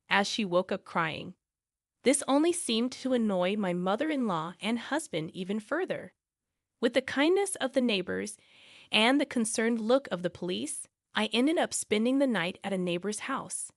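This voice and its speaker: A woman narrating a first-person family drama story in a steady, plain way. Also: a little high, dry recording, clean studio sound.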